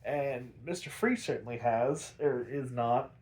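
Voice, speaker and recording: A man hosts a laid-back podcast, recapping an episode in a loose, rambling way. He leans on fillers and restarts and swears freely. His voice sits at a middling pitch. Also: unhurried, a little mellow. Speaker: podcast host.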